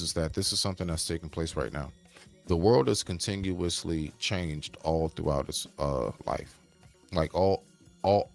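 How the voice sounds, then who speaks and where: A man's voice: deep voice, creaky. A man from the United States hosting a livestream, talking straight to his viewers and chat in a casual, preachy monologue. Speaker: livestream host.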